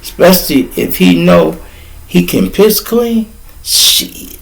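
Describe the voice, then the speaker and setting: A middle-aged man from Chicago hosts his own podcast, telling stories in a loose, profane, chatty style. His voice is high and gravelly, he speaks at a slow pace, and the recording is rough.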